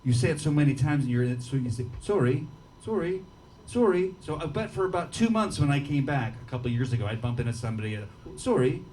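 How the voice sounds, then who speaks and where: A singer-songwriter with a Midwestern American accent banters with the crowd between songs at a small bar gig, talking rapid-fire with few pauses in a medium-pitched, slightly mellow voice. His rambling chat comes through a live PA heard from a distance, with guitar playing and a little hiss or hum.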